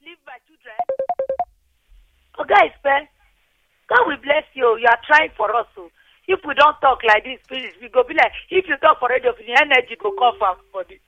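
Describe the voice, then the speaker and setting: A woman's voice: high-pitched, lively intonation, brisk, slight background noise. A woman with a Nigerian Pidgin English accent calling in to a radio show, speaking earnestly and pleadingly, repeating her points. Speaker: radio call-in caller. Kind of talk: impassioned phone-in comment. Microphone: telephone. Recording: muffled phone line.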